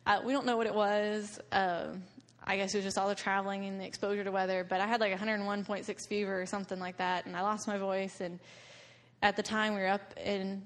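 A woman's voice: medium pitch, flat delivery, fast talker. A young woman giving a slideshow talk to a group about a mission trip, telling stories and laughing often. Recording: long reverb of a hall.

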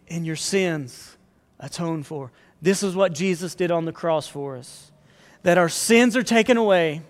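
A man preaching a sermon as pastor, earnest and building to fervent appeals. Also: sits high. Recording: long hall reverb.

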